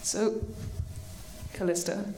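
A woman playing her character in a tabletop game before a live crowd, animated and quick to react. Her voice sits at a middle pitch. The venue is roomy, so her lines ring with echo. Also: gravelly. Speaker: player.

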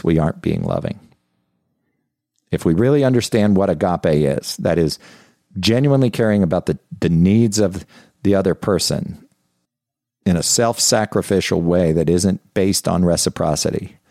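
A man's voice: deep voice, mellow, no echo, clean studio sound. A middle-aged male pastor preaching a sermon in an earnest, confessional way, often repeating and restarting phrases.

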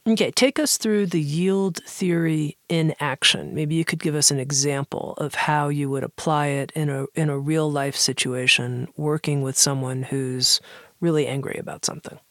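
A woman hosting an interview, giving brief affirmations and asking calm questions. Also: sits low, normal speed, no echo, clean studio sound. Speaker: podcast host.

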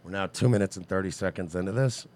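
A man's voice: sits low, fast talker, a little mellow. A man hosting a podcast gives sardonic, profane running commentary in casual banter. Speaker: podcast host.

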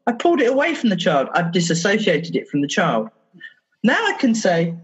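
A woman therapist talks in a podcast interview, her slightly husky voice swinging widely up and down as she tells stories. She acts out little exchanges with children along the way. The audio is a bit dull and lo-fi. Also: mid-range voice, very animated, fairly quick. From England. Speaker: therapist guest.

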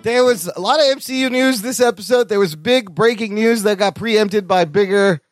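High-voiced joking male podcast host. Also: moderate pace, music in the background. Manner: joking, laughs often. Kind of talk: casual chat.

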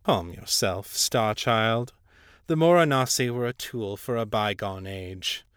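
A man voicing a cold, patronizing ancient devil prince with a low, unrelenting voice. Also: measured pace, a bit bright, clean tone, no echo, studio quality. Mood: condescending.

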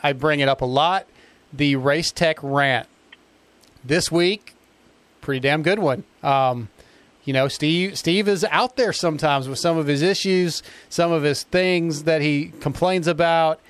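A man's voice: on the high side, unhurried, a bit bright, clear, resonant tone, no room sound. A man hosting a motocross talk show, casually leading his guests through the discussion. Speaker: podcast host.

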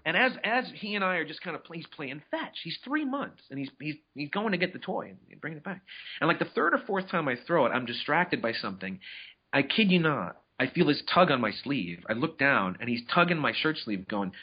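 Brief: husky-voiced male podcast host, casual rambling storyteller, muffled lo-fi audio. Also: on the high side, big pitch swings, a little fast. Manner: rambling storyteller with many restarts, acts out quotes. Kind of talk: casual chat. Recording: dull lo-fi audio.

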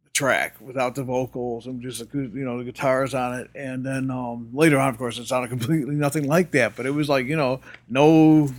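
A man's voice: medium pitch, little pitch movement, moderate pace, hardly any pauses. An older man telling anecdotes in an interview, rambling with many fillers and restarts and laughing often. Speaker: interview guest. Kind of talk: casual storytelling.

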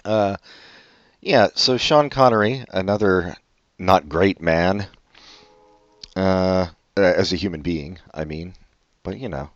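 A man with a very low voice chatting casually about films, wandering through his thoughts and cursing at his own slips. The sound is dry and a bit dull and lo-fi. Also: takes it slowly, long pauses, dry recording. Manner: rambling, trailing off, swears at slips. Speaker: podcast co-host. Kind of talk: casual film chat.

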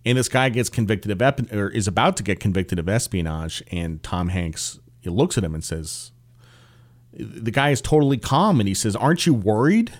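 A man in his forties talks alone into the mic in his home office, hosting his own podcast. His voice sits on the low side, and he speaks in a candid, opinionated, conversational way, wandering into asides. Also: expressive, normal speed. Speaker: podcast host. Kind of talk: solo podcast monologue.

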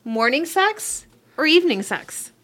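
A woman's voice: high-pitched, very animated, unhurried, fairly bright tone. A woman chatting casually on a podcast, reading out questions and laughing easily. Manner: giggly, reads out questions.

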